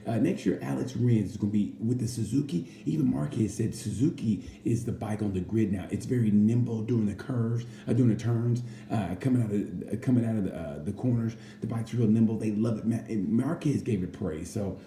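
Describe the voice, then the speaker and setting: A man's voice: fairly low pitch, fairly quick, hardly any pauses, warm tone. A man in casual chat about a motorcycle race, rambling and jokey, sometimes slipping into playful impressions. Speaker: racing commentator. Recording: roomy with faint background noise.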